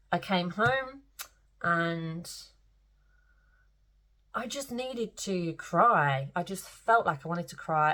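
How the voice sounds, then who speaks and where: A woman's voice: on the low side, a bit bright. Candid, teary woman vlogging. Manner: rambling, candid, tearful, swears freely. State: emotional, close to tears. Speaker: spiritual vlogger. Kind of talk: casual talk to camera.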